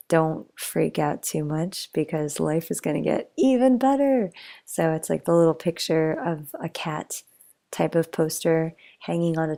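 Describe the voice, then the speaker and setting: A young woman chats her way through a meandering bedtime story. Her voice sits low with a gravelly, fry-tinged edge, and she keeps it soft, sometimes slipping almost into a whisper. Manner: rambling, chatty, drifts into tangents; soft, drops to near whisper at times. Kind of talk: casual bedtime story narration.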